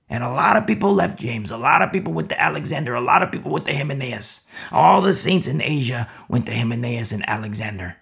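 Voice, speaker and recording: A man preaching a sermon with fervor, swinging between loud exhortation and hushed, whispered prayer. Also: medium pitch, animated, fast, vocal fry, few pauses.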